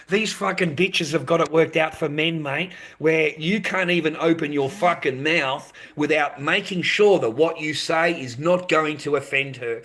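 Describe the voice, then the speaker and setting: With a fairly high-pitched, fairly bright voice, this Australian livestream host rants bluntly at his audience. He swears nonstop, goes over the same points again and again, and keeps addressing viewers as mate.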